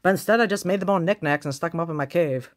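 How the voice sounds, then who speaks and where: Woman casually playing a smug storybook king who argues his case calmly, low-voiced. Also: quick pace, lightly acted. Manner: reasonable-sounding, self-justifying. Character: shrewd, smug underground king, a grown man.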